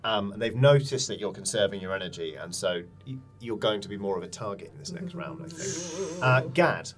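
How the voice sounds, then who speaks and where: A man running an improvised tabletop game as game master, narrating in a playful, lively way with stumbles. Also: fairly low pitch, a little fast, faint music behind.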